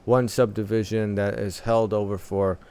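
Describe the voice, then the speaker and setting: Low, smooth-voiced man reacting to music. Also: level tone, a little mellow. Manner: thoughtful, analytical, many filler pauses.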